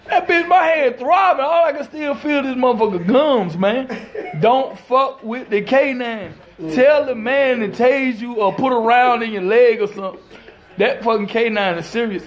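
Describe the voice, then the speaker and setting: Guy with a real high voice, swearing nonstop and cracking up while he tells it to a phone cam. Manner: profane, emphatic, laughing often. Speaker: storyteller recounting a police dog bite. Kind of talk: casual storytelling to camera.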